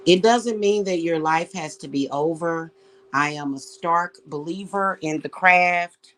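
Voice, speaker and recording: A woman with a fairly low, slightly bright voice, who works as a witch and reader, has a casual spiritual talk with her viewers. She speaks slowly and with heartfelt emotion, calling them y'all.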